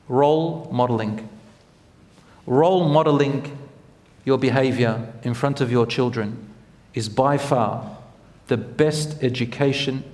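A man's voice: mid-range voice, big-room sound. A man preaching a sermon as a teacher, speaking earnestly and putting direct questions to his listeners.

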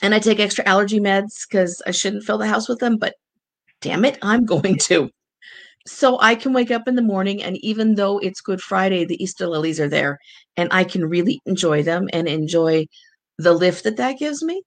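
A woman's voice: mid-range voice, normal speed. A woman co-hosting a grief podcast in casual chat, frank with a wry humor. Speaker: podcast co-host, grief counselor.

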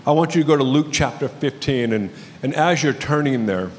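A man's voice: medium pitch, animated, a little fast, slight background noise. A male pastor preaching a sermon, telling a story with light humor. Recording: long reverb of a large hall.

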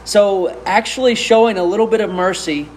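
A man's voice: high-pitched, moderate pace, slight background noise. A middle-aged man from Arkansas, preaching a sermon with emphatic rhetorical questions. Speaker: pastor.

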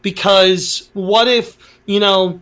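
A man with a high voice co-hosting a casual podcast chat. He speaks earnestly and sounds worried, pausing with fillers as he lays out his concerns. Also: steady tone, a bit bright. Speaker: podcast co-host.

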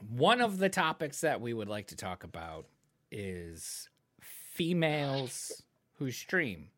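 A man with a Rhode Island accent hosting a stream, telling stories in an animated, excitable way during a casual chat. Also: medium pitch, slow, a little hiss or hum. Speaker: stream host.

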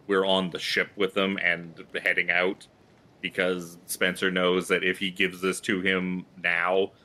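A man's voice: low-pitched, pushed and bright. A man playing in a tabletop game, chatting casually and swearing freely. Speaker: player.

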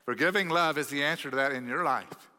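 Texan pastor preaching in a reverberant hall. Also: male voice, on the high side, a little fast. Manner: animated storytelling, acting out the quoted voices. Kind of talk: sermon. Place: church sanctuary. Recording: long reverb of a church hall.

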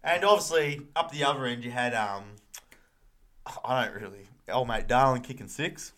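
Bright-voiced Australian bloke talking footy. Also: male voice, mid-range voice, moderate pace. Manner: chatty, laughing, jokey. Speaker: podcast co-host. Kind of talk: casual footy chat.

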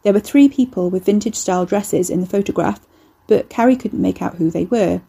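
A woman reading a horror novel aloud in a measured, intimate narration. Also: mid-range voice, creaky, dark tone, slightly rough. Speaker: audiobook narrator.

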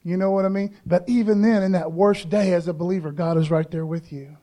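A man's voice: high-pitched, fairly even intonation, fairly quick, mellow. A male pastor preaching a sermon in a loose, conversational way, tossing in "man" and "okay?" between his points.

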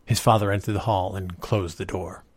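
Low-voiced man reading a story aloud. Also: steady tone, normal speed, no room sound. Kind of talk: storybook narration.

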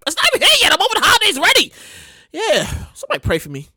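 Brief: high, bright-voiced woman host telling a profane comic story. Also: racing, no room sound, clean studio sound. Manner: animated, profane, repeats herself for effect. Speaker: show host.

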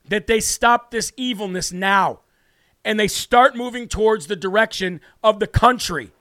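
A man's voice: sits high, normal speed, a bit bright, no room sound, studio quality. A man hosting a political talk show, delivering a brash, mocking, ranting monologue.

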